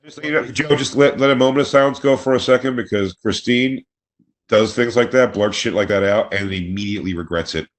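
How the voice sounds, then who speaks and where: A man's voice: medium pitch, a little fast. Teasing, crude male host. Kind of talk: casual chat.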